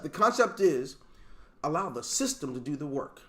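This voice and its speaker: Brief: high-pitched male team leader, emphatic motivational speaker on a video call, fires off rhetorical questions. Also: big pitch swings, normal speed, fairly bright tone. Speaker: network marketing team leader.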